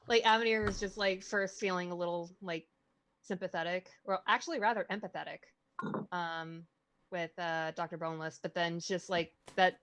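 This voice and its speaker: A woman's voice: lowish voice, fairly bright tone. A woman playing a tabletop game, rambling with many fillers as she recaps. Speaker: player. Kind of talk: casual tabletop play.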